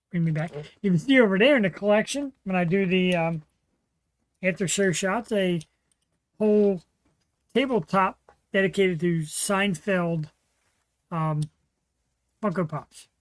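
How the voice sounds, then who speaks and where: A man's voice: high voice, poor audio. A man hosting his own livestream show, chatting casually and rambling with lots of fillers. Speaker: host. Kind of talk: casual solo livestream chat.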